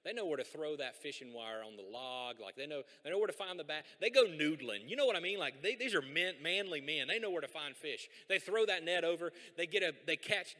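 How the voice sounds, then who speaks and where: A man preaching a sermon as a pastor, animated and conversational, with folksy asides. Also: a little high. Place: church sanctuary. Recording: long hall reverb.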